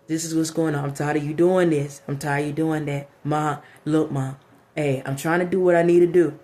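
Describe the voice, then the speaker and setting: A woman voicing a deep-voiced young man who forcefully says what is bothering him. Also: steady tone, close to an everyday voice. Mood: frustrated. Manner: forceful, demanding, deliberately lowered.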